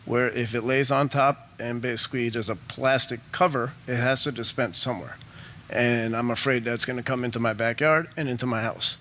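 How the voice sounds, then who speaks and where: A man's voice: medium pitch, fairly even intonation, brisk, bright, forceful tone, slight background noise. A man giving a nervous, emotional public comment at a meeting, hesitant and full of ums.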